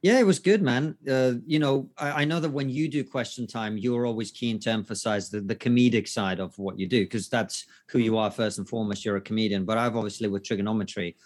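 A man's voice: on the low side, steady tone, a little fast, hardly any pauses. Frank, confident male podcast guest. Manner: confident, frank, swears casually. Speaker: guest co-host, comedian and commentator. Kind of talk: casual chat.

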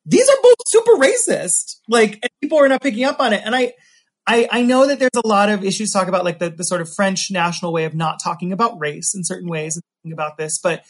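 A man hosting a casual chat, animated and sarcastic, with quick asides. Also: sits high. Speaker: podcast host.

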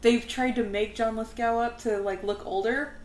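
High-voiced woman, noisy echoey room. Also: steady tone, normal speed, darkish tone. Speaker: podcast co-host. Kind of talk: casual movie discussion. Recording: echoey room with clear background noise.

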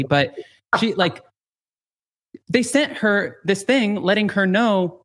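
A man hosting a podcast, telling gossip with lively acted-out quotes and lots of filler "like". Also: sits high, fairly quick. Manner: animated storytelling with acted-out quotes; frequent filler "like". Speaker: podcast host. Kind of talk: casual gossip chat.

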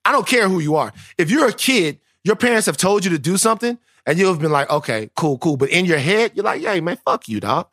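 A man's voice: high voice, expressive, fairly quick, few pauses, fairly bright tone, dry recording, studio quality. A man, co-hosting a podcast in casual, profane, joking banter. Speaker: podcast co-host.

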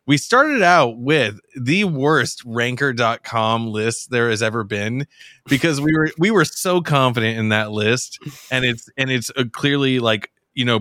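Speaking at a normal speed, this man co-hosts a podcast in a loose, casual chat full of rambling and restarts. Excitement pushes his voice higher, and the recording is dry and studio quality.

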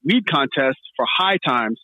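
A man hosting a podcast, telling a story in a casual, animated way and acting out what others said. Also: medium pitch, unhurried, highs cut off. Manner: animated, laughing storyteller, acts out quotes. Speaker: podcast host.

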